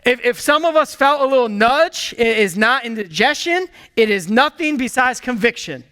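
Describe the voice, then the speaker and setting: A man preaching a sermon in an energetic, emphatic way, calling out to the congregation and dropping into hushed low asides. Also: normal speed, clear, resonant tone. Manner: swings from excited bursts to hushed low asides. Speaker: pastor.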